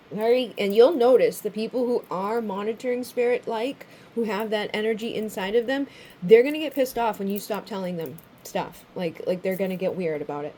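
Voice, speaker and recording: A woman talks through a tarot reading in a loose, chatty way. Her voice is mellow and warm, never sharp. She swears freely and slips into little acted-out quotes, over a faint room hum. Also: mid-range voice, moderate pace. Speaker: tarot reader. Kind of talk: casual spoken tarot reading.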